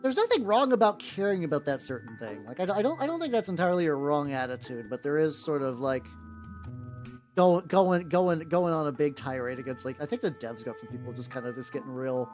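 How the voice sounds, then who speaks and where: A man chatting casually with his viewers on a livestream, talking in halting, rambling runs full of restarts and fillers. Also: on the high side, expressive, darkish tone. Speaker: streamer painting miniatures. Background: faint background music.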